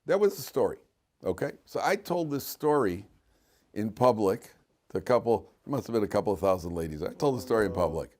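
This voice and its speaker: Animated rabbi telling a story in class. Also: male voice, lowish voice, fairly quick. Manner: animated, drops to quiet asides then bursts loud; teasing, jokes with students. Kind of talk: storytelling Torah lecture.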